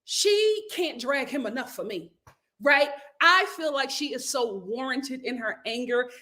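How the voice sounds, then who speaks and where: A woman hosting a casual vlog, recapping a reality show with animated, opinionated commentary and frequent laughter. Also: high-pitched, a little slow.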